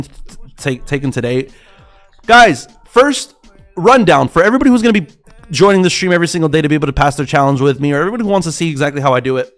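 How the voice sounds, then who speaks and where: A young man, rambling and swearing as he chats with his livestream viewers about trading. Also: fairly high pitch. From South Florida. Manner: rambling, profane, excitable, talks to chat. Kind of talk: casual livestream chat.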